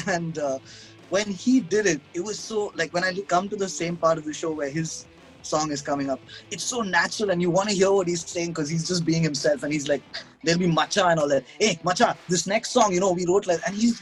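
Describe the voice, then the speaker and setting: A man's voice: sits high, low-quality recording. A man, a guest musician chatting casually over a video call, rambling and self-mocking, with frequent restarts and laughs.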